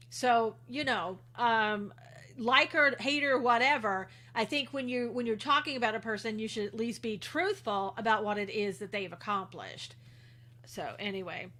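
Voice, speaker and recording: Bright-voiced woman livestream host. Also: on the high side. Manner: chatty, indignant, greets viewers by name and reads comments aloud. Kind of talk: casual commentary reading viewer chat.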